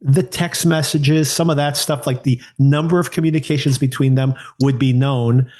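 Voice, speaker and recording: A male podcast co-host with an easygoing, medium-pitched voice speaks steadily at a moderate pace, his tone somewhat dark. Casually reviewing TV, he thinks aloud, restarting sentences and posing rhetorical questions.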